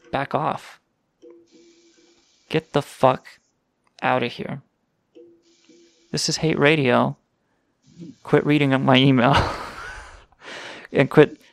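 A man's voice: mid-range voice, gravelly, no room sound. A man hosting a call-in radio show, ranting and swearing in crude comic banter. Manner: profane, ranting, mock-indignant.

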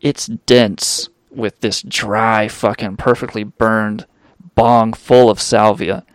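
Young man, radio host, slow unhurried delivery, rambling and profane, dry close sound. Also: on the low side, flat delivery, smooth, no room sound. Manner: profane, rambling with many fillers. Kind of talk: storytelling drug anecdote.

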